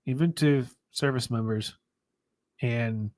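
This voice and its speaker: A man speaking slowly and earnestly in a casual memorial chat, halting with many ums, close to his desk mic. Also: medium pitch, darkish tone. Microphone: close desk mic on stream.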